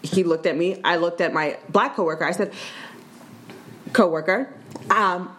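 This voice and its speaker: A young woman co-hosting a casual podcast, telling a story in a measured way with frequent pauses and ums. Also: lowish voice, a bit bright, a little hiss or hum. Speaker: podcast co-host.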